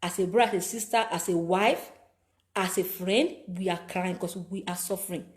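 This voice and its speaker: A woman's voice: lowish voice, fairly even intonation, normal speed. A woman with a Nigerian accent giving preachy life advice, repeating phrases for emphasis. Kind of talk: motivational talk to camera.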